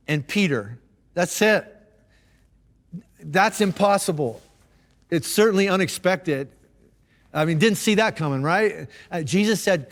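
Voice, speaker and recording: A male pastor with a high voice, preaching in an easygoing, chatty manner and often restarting his sentences. His words ring out with a long reverb, as in a big church hall. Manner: casual, conversational storytelling with repeated restarts. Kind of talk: sermon. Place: church auditorium.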